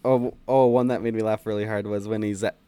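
A man's voice: fairly low pitch, flat delivery, quick pace, mellow, smooth, no room sound. A man co-hosting a film podcast in casual chat, laughing often and quoting movie lines in funny voices. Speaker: podcast co-host.

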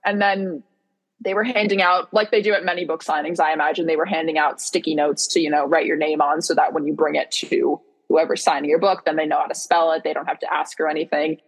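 A woman's voice: deep voice, fairly even intonation, fast, slightly rough. A young woman on a video call telling a story in a casual podcast chat, acting out quoted lines and laughing often. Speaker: podcast guest co-host.

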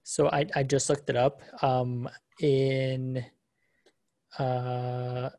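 A man co-hosting a podcast, chatting casually in a relaxed way, often stumbling over the first words of his sentences. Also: mid-range voice, drawn-out words. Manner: relaxed, with stammered restarts. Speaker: podcast co-host. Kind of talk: casual review chat.

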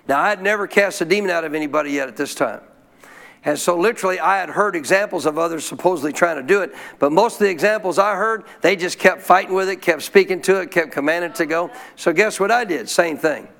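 A male pastor telling a story in a sermon, folksy and animated, often clearing his throat. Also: high-pitched, fast talker.

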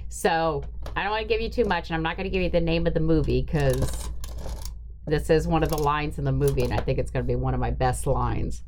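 A woman's voice: low-pitched, a little fast, darkish tone, a little hiss or hum. A woman hosting a podcast in casual chat, rambling and chatty with trailing fillers. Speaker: podcast host.

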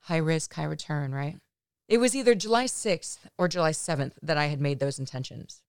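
Woman, low voice, smooth, dry close sound, candid storytelling monologue. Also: normal speed, no echo. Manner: candid, chatty, with "you know" asides. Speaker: podcast host.

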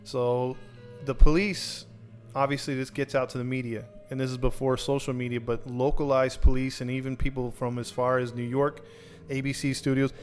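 A man at a middle pitch tells a true crime story in a loose, rambling way. He restarts often and slips into quick quoted dialogue. Faint music sits under his voice. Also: level tone. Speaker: podcast host telling a true crime story. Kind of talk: casual storytelling.

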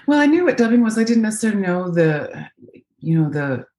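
A woman's voice: mid-range voice, big pitch swings, brisk, darkish tone. A Canadian woman with a North American accent, chatting as a voice actress guest over a video call, thoughtful, with many fillers and restarts. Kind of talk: casual interview chat. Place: home, remote video call.

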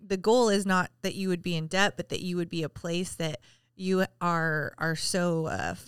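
A woman's voice: fairly low pitch, moderate pace, smooth, no room sound, studio quality. A woman co-hosting a faith podcast in a casual, encouraging way, often chiming in to agree. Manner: encouraging, frequent agreeing interjections. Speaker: podcast co-host.

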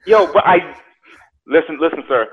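A young man telling a story casually, animated, acting out quotes and repeating words. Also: fairly high pitch, moderate pace, slightly rough. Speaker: guest telling his story. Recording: tinny phone-like sound.

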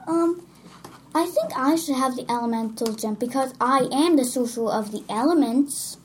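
A woman's voice: high voice, normal speed, a little hiss or hum. A woman playing a tabletop game who eagerly declares her character's actions. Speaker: player.

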